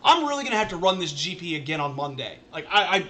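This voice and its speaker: A man streaming a game for his chat, his voice high and bright with a forceful edge. He rants in an exasperated, casual way and keeps circling back to the same complaint. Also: sing-song, fast talker. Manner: exasperated ranting, repeats himself. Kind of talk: casual live-stream commentary.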